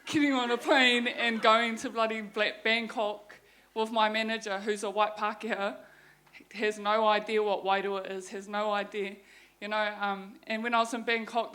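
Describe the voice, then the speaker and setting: A woman's voice: mid-range voice, flat delivery, moderate pace, a bit bright. A young woman with a New Zealand accent giving a candid personal testimony talk, frank and swearing freely as she retells her story. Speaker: guest speaker sharing her story.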